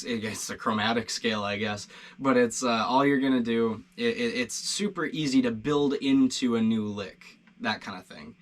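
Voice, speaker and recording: Laid-back, encouraging male guitar teacher. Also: mid-range voice. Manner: relaxed, encouraging, rambling with fillers. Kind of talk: casual video lesson.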